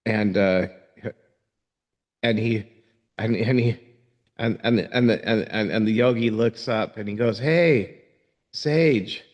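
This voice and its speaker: A man teaching yoga, telling a parable in a casual, halting way and often repeating his words. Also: on the low side, little pitch movement. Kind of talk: casual storytelling talk.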